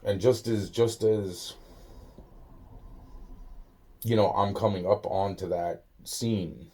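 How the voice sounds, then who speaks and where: Man, low and husky, mellow tone; loose profane storyteller who keeps restarting sentences. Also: steady tone, slow. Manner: rambling, profane, many restarts. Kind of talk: casual spoken anecdote.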